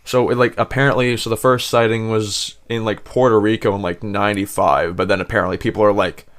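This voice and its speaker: A man's voice: on the low side, little pitch movement, brisk, a bit bright. A Canadian man co-hosting a podcast, chatting loosely and reading facts aloud in a rambling way. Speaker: podcast co-host. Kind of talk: casual chat.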